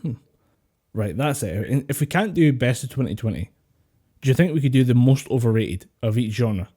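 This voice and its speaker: Podcast dude on an online call, mellow voice, rambly, swears a lot, laughs all the time. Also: male voice, medium pitch, animated, moderate pace, breathy edge. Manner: swears freely, laughs often, rambling storytelling. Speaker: podcast co-host. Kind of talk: casual chat. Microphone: home mic over online call.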